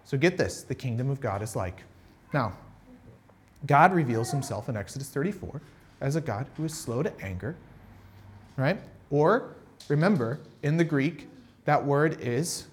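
A man preaching a casual, conversational sermon, retelling a Bible story with animated asides and frequent check-ins with listeners. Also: mid-range voice, normal speed. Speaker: pastor.

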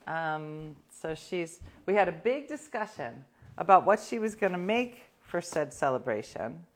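A woman's voice: fairly low pitch, sing-song, a little slow. A woman hosting a casual livestream, telling stories to her viewers in a wry, sarcastic way. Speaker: livestream host.

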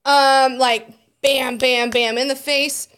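A woman's voice: high-pitched, level tone, takes it slowly, fairly bright tone, smooth. A woman co-hosting a podcast, telling a news story in a loose, profane, laughing way. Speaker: podcast co-host.

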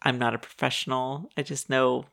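A woman co-hosting a podcast in casual chat, laughing often and agreeing quickly. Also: rumbling low, level tone, gravelly, fairly bright tone. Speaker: podcast co-host.

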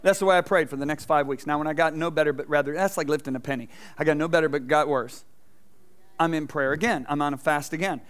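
A middle-aged man preaching a sermon in a church, telling a personal story with animated asides and questions to the congregation. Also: on the high side, quick pace, clear, resonant tone. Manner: animated storytelling, acting out quotes, asking the audience questions. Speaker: pastor. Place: church sanctuary.

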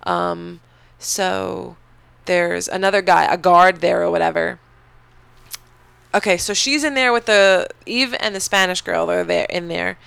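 A podcast host rambling through a movie recap, swearing freely and padding it out with "um" and "you know". The voice has a gravelly fry, yet its tone stays smooth and clear. The recording is dry and close-miked. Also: medium pitch, fairly even intonation, measured pace, fairly bright tone, no echo. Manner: rambling, profane, filler-heavy storytelling. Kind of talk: casual movie recap chat.

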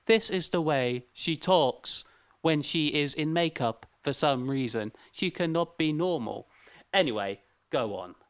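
Animated man riffing on a film. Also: on the high side, a little slow, smooth. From England. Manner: animated, mocking, does silly impressions. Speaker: podcast co-host. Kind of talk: casual comedic film review chat.

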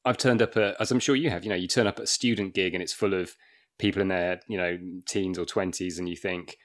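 A man, a stand-up comedian, chatting as a guest and telling lively anecdotes with frequent laughs. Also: deep voice, quick pace. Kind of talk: casual chat.

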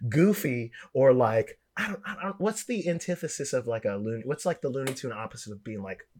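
A man co-hosting a podcast, joking and riffing in a casual chat. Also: medium pitch. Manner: animated, joking, quick to riff. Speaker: podcast co-host.

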